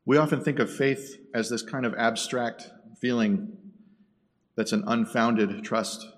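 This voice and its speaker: A man preaching a sermon, dropping to a hush and rising to loud bursts. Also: medium pitch, measured pace. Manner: dramatic swings between hushed and loud. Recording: echoey hall from a distance.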